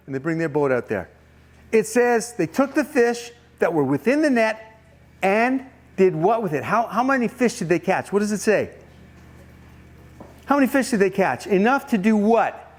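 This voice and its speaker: A man preaches to campers, acting out a Bible story and asking his listeners question after question. His voice sits high for a man. His delivery swings widely as he talks. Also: moderate pace. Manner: animated storytelling, questions to the audience. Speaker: camp speaker. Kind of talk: youth camp sermon.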